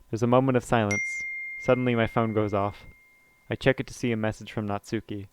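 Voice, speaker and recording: Low-voiced man reading a game aloud. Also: steady tone, a little fast, clear, resonant tone, no echo. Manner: plain first-person reading with small slips and asides. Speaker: let's play narrator. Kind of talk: reading a visual novel aloud.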